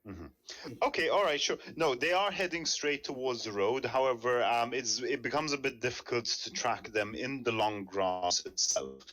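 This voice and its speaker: A man running a tabletop game as game master on a live stream, relaxed and hesitant, with many ums. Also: mid-range voice, normal speed.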